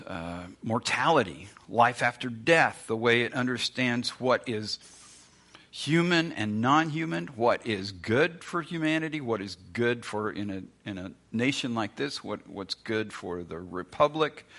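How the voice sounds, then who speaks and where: A man's voice: on the low side, a bit bright. A man preaching a sermon as pastor, in a conversational, emphatic way full of rhetorical questions.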